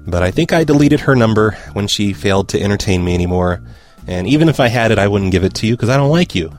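A man's voice: on the low side, expressive, quick pace, soft background music. A man hosting a podcast, answering listener voicemails in a dry, sarcastic, teasing way. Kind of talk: casual chat.

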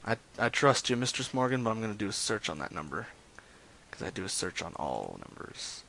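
A man's voice: lowish voice, very animated, normal speed, vocal fry, pauses often, fairly bright tone. A man streaming live, chatting loosely with his viewers between prank calls, with lots of fillers and jokes. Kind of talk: casual live-stream chat.

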